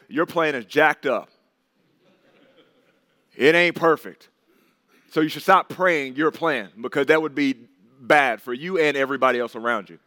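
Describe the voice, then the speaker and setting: A man's voice: mid-range voice, fairly bright tone, dry recording, clean studio sound. A man, a pastor teaching a men's Bible study in a conversational, emphatic way with informal asides.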